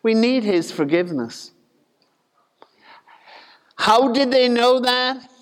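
A man's voice: very high voice, lively intonation, takes it slowly, long reverb tail. A man preaching a sermon in a conversational, folksy way, with asides and humor.

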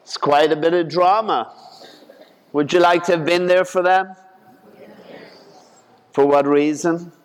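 A man, a priest, reading a gospel passage aloud and then preaching on it in a slow, measured way. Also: fairly high pitch, steady tone, clean tone. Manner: slow, measured, deliberate delivery. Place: church. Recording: long church reverb.

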